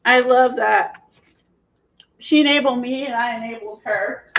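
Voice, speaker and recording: A woman's voice: fairly high pitch, measured pace, gravelly, dull audio. A woman hosting a craft livestream, chatting casually, laughing often and reading the live chat.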